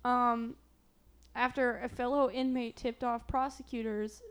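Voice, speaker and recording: A woman's voice: on the high side, flat delivery, a little slow, clear, resonant tone. A young woman from Southern Illinois hosting a casual true-crime podcast, chatty with trailing fillers. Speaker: podcast host.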